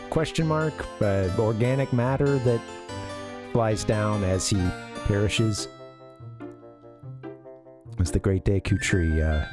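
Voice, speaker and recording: American man streaming with game music. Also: on the low side. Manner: rambling, filler-heavy, chuckling asides. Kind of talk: casual gameplay commentary.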